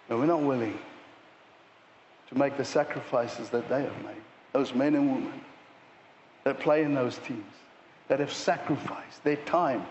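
A male pastor preaching a sermon, animated, at times mimicking sports fans shouting at players. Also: a little high, slight background noise. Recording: dull sound with long hall reverb.

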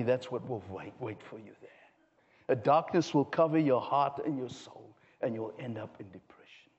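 A man preaching a sermon, swinging from hushed low asides to raised, impassioned passages. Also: measured pace, vocal fry. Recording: dull sound with long hall reverb.

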